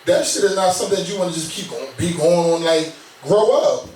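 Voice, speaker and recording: A man in his thirties chatting casually as a co-host, relaxed and full of slang, often asking "you know what I'm saying?". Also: a little high, brisk, a little hiss or hum. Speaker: podcast co-host. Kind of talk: casual chat. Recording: roomy sound, mic some distance off.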